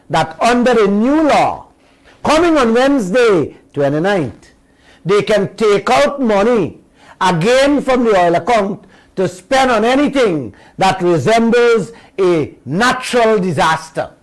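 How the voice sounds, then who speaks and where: A Guyanese man hosts a radio commentary, talking straight to his listeners. His voice sits fairly high and he takes his time, leaning hard on each point and letting it land. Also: animated, low-quality recording. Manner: slow, emphatic, addresses listeners directly. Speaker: radio show host. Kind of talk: political commentary monologue.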